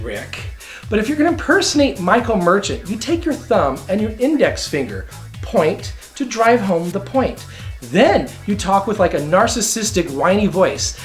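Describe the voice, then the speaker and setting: A man's voice: high voice, big pitch swings, normal speed, faint music behind. Sassy, campy man hosting a comedy show. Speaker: show host. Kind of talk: comedic video commentary.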